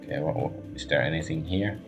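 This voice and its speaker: A man's voice: very deep voice, fast, vocal fry, over music. A man streaming a role-playing game, muttering hesitant thoughts aloud as he plays. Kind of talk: let's-play commentary.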